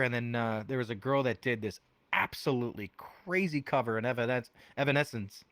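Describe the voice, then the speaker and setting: A young man, a musician and podcast guest, chatting casually and telling animated stories, voicing other people in quotes. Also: fast talker, no echo. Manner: animated storyteller, acts out quotes with big pitch jumps. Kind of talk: casual chat. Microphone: headphones on.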